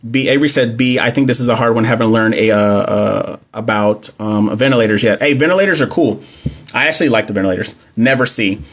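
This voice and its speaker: His mid-range voice moves fast as he works through nursing exam questions on an informal livestream. The young host reads the questions out, keeps up a chatty flow, and answers viewers' comments as he goes. He's using a phone or webcam mic.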